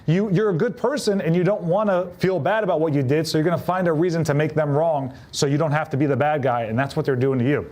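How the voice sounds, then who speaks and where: A man with a fairly high-pitched voice coaches real estate agents in a live talk. His delivery is punchy and direct, and he slips into quick little impressions of clients to drive each point home. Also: steady tone, a little mellow. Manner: punchy, acts out quoted clients in changed voices. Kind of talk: live motivational business talk.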